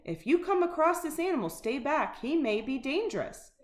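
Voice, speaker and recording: Brief: woman playing fussy older teacher in a storybook, prim warnings, slightly high, echoey room. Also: sing-song, normal speed. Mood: alarmed. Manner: prim and alarmed. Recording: roomy echo.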